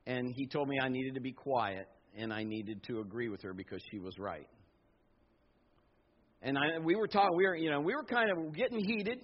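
A middle-aged man pastor preaching a sermon, telling personal stories with animated asides and quoted voices. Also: mid-range voice, moderate pace, slightly rough. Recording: dull lo-fi sound.

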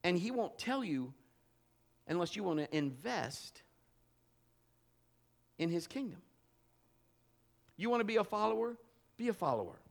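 A man preaching a sermon as pastor, telling a humorous personal story in an animated way. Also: high voice, unhurried, creaky, pauses often.

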